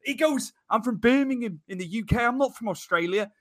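A man's voice: extremely high pitch, lively intonation, a bit bright. A man hosting a wrestling podcast, chatting casually and repeating phrases as he winds through stories. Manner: chatty, repeats himself, quick asides. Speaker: podcast host. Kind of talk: casual interview chat.

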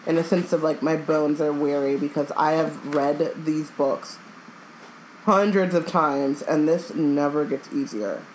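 A woman's voice: sits low, fairly even intonation, a little slow, a little mellow, slight background noise, rough recording. A woman co-hosting a casual book podcast, blunt and jokey, who swears freely. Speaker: podcast co-host. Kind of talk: casual chat.

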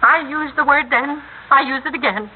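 This 1950s radio drama features an actress voicing a possessive, domineering middle-aged wife and mother who is alternately imperious and doting. She speaks at normal speed in a high, steady voice, lightly acted, and the old recording sounds tinny with faint hiss.

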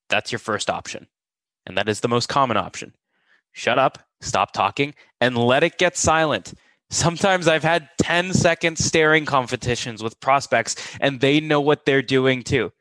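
A man's voice: medium pitch, fairly bright tone, dry recording, poor audio. A man co-hosting a sales advice podcast, emphatic and blunt, acting out quotes. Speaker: co-host.

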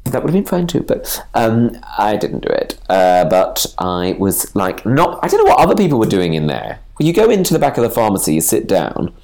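Lively-pitched chatty man. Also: vocal fry. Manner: chatty, laughs often, quick asides. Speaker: podcast co-host. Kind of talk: casual chat.

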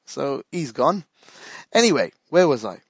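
A man co-hosts a casual football podcast, rambling through a story with laughter and swearing. His medium-pitched voice has a breathy edge and big pitch swings, and he speaks unhurriedly. The sound is dry and close, with no echo or room around it.

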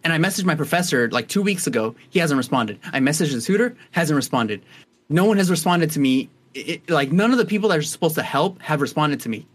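A young adult man co-hosts a podcast, talking fast in a fairly high, expressive voice. The chat is casual and rambling, full of fillers and restarts.

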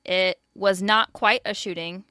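A woman's voice: mid-range voice, steady tone, a little slow, sharp tone, no echo, studio quality. A woman who is a police officer, a guest on a podcast, talking in an earnest, casual way. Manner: earnest, laughs easily. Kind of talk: casual chat.

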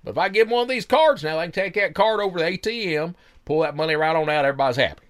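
Brash Southern construction boss, as a man puts him on, thick drawl, high and loud. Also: rapid-fire, close to an everyday voice. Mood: folksy. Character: folksy boastful Southern male construction boss.

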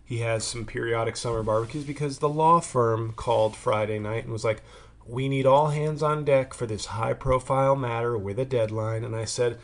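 A man's voice: medium pitch, moderate pace. A man in his thirties hosting a podcast, telling a rambling, crude, self-mocking comic monologue. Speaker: podcast host. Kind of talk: casual comedic monologue.

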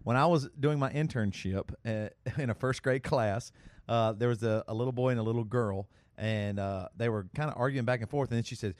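A man co-hosting a casual podcast, telling stories with lively laughter. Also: mid-range voice, brisk, dry recording. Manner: lively storyteller who laughs as he talks. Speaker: podcast co-host. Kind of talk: casual chat.

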